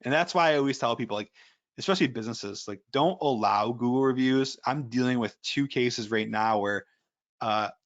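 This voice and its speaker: A man's voice: medium pitch, normal speed, muffled recording. A man giving a casual webinar presentation as an ethical hacker, rambling through anecdotes with lots of fillers.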